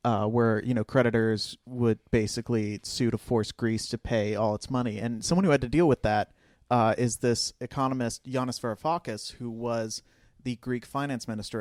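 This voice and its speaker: A man's voice: mid-range voice, fairly even intonation, a little fast, hardly any pauses, darkish tone, no room sound, studio quality. A man co-hosting a podcast, chatty and hesitant, often laughing. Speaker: podcast co-host. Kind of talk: casual chat.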